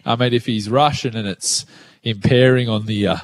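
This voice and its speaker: A man's voice: mid-range voice, fairly even intonation, normal speed. A man with an Australian accent co-hosting a radio show from his living room, joking and laughing often. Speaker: radio co-host. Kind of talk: casual chat.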